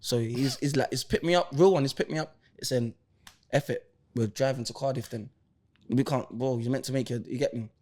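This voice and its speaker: A former footballer and rapper from East London, this man guests on a podcast, animatedly telling stories in heavy London slang with an East London accent and acting out the voices of people he quotes. His voice is medium-pitched and fairly quick, in casual podcast storytelling.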